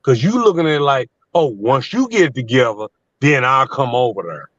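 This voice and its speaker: A man's voice: mid-range voice, very animated, moderate pace, a bit bright, no echo. A man in his fifties, a guest on a live panel, telling a story in a heated, profane way from his truck on the road. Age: 50s. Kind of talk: casual live panel chat. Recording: dull lo-fi line.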